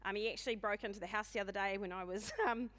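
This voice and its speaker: A woman in her forties with a New Zealand accent, giving a humorous, self-deprecating keynote talk in a loud, booming voice and speaking fast. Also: fairly even intonation. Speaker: conference speaker. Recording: long hall reverb.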